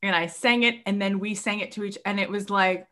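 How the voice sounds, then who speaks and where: A young woman telling a personal story in conversation, expressive and quick to act out other people's voices. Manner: expressive, acts out quoted voices with big pitch jumps. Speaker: guest.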